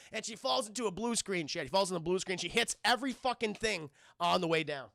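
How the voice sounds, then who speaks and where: A man recapping a film scene by scene to his stream chat, animated and profane, rambling with many fillers. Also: high voice, quick pace, vocal fry, hardly any pauses, dry recording, clean studio sound. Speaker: streamer reviewing films.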